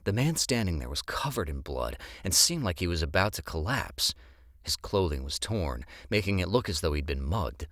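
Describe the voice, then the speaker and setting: Guy narrating an audiobook, low voice, lots of swing in how he says things, expressive. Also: moderate pace, no echo, clean studio sound. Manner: expressive storytelling.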